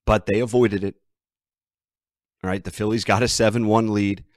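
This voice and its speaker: A man's voice: lowish voice, fairly even intonation, moderate pace, dry recording, clean studio sound. A man hosting a sports betting podcast, ranting and emphatic as he talks through his team's troubles. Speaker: podcast host.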